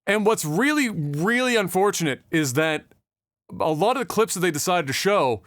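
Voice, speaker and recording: A man's voice: high voice, animated, moderate pace, a bit bright, dry recording. A man co-hosting a podcast, ranting casually with lots of swearing, fillers and restarts. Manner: profane, rambling rant with many fillers. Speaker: podcast co-host.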